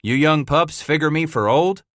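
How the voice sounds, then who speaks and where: A man voicing a grizzled old mountain man trapper with a frontier drawl, gruff and worried, in a storybook reading. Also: on the high side, moderate pace, fairly bright tone, no room sound, studio quality, pitched above the performer's own voice, lightly acted.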